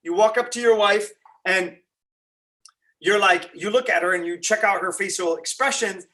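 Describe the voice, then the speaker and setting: A man delivers a lively, conversational religious talk, often throwing rhetorical questions at the room. His voice sits on the higher side for a man. He sounds a little off-mic, as if standing back from it. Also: normal speed, recorded from a distance. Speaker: religious lecturer. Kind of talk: Ramadan lecture.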